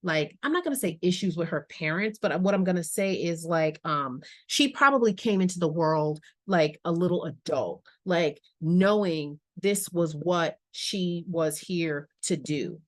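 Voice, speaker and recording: A woman's voice: on the low side, measured pace, few pauses, no room sound. A woman giving a casual tarot reading, musing aloud and chatting to her viewers with slangy asides. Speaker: tarot reader.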